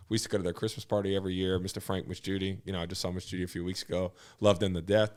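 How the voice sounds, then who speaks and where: A man, a TV personality talking high-energy and slangy as an interview guest. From New Orleans. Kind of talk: casual interview chat.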